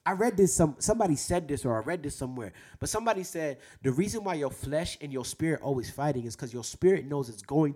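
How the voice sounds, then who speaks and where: A young man hosting a faith talk for men, preaching earnestly and slowing down to drive points home. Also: medium pitch, darkish tone, husky. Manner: earnest, exhorting, slows down for emphasis. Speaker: host speaking to men about faith.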